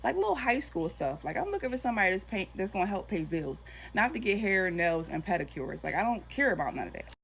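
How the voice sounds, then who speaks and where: A woman's voice: mid-range voice, sing-song, quick pace, creaky, a bit bright, husky. A young adult woman telling a personal story in casual chat to her viewers, with lots of "like.". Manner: chatty, talks to viewers, fills with "like". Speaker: storytime vlogger.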